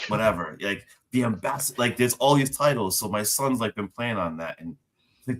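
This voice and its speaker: A man's voice: on the low side, lively intonation, moderate pace, a bit bright. A man from Nigeria telling casual stories about his kids, acting out their lines and laughing often. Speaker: show regular, father. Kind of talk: casual chat.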